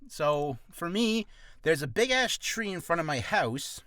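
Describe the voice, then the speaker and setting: A young man rambles through voice-acting advice in an animated, self-mocking way, his tone bright and lively. His voice sits a little high, recorded close and dry. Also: a little slow, no room sound. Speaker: voice actor vlogger. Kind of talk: casual tutorial chat.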